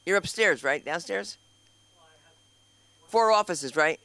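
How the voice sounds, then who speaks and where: A man hosting a comedy open mic on stage, joking fast and talking straight to the crowd. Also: fairly high pitch, animated, sharp tone, clear, resonant tone, no room sound. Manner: rapid, jokey, talks straight to the crowd. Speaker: comedy show host. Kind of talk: stand-up hosting banter.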